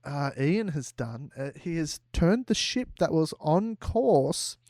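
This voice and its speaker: A man's voice: a little high, animated, slow pace, a little mellow, no room sound, clean studio sound. A man co-hosting a comedy podcast, recapping a story in a meandering, hesitant way. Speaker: co-host.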